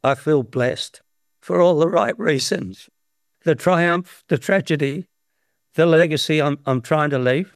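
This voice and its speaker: A man's voice: fairly high pitch, a little slow, no room sound, clean studio sound. An Australian man in his sixties telling rambling anecdotes as an interview guest, with many restarts. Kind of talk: anecdotal storytelling.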